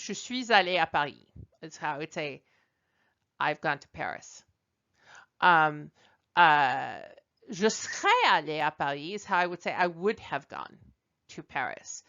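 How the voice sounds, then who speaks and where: This woman's lowish, sharp-toned voice comes through on dull-sounding audio. She teaches French from slides in a relaxed, talkative way, now and then fixing her own slips and reading sample sentences out in French.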